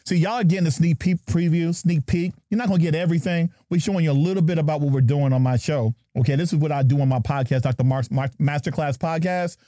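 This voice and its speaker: A man's voice: fairly high pitch, quick pace, few pauses, warm tone, no room sound, studio quality. A man from New Jersey hosting a podcast, joking and playful as he introduces his guests. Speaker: podcast host. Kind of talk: lively podcast chat.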